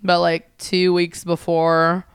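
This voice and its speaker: A woman comedian spins a raunchy story in a relaxed podcast chat, acting out every quote and swearing freely. Her voice is very smooth and clear, and the sound is close and dry with no room echo. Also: lowish voice, slow. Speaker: comedian guest.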